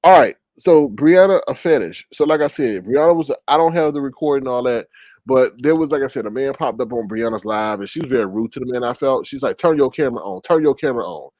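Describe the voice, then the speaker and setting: A man's voice: mid-range voice, brisk, darkish tone, no room sound, highs cut off. A man telling a story in casual commentary, gossipy, with dramatic exclamations. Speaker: commentary vlogger.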